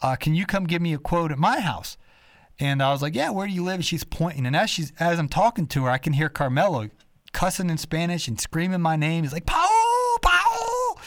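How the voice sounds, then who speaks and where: Lively rambling man hosting. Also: a little high, a little fast, no room sound, clean studio sound. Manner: rambling, animated anecdotes with quoted voices. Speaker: podcast host. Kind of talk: casual storytelling chat.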